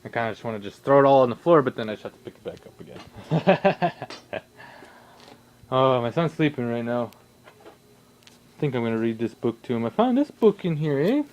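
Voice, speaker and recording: A young man rambling casually in his home workshop, swearing a lot and breaking into sudden loud outbursts. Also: medium pitch, very animated, normal speed, pauses often, lo-fi sound. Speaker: vlogger.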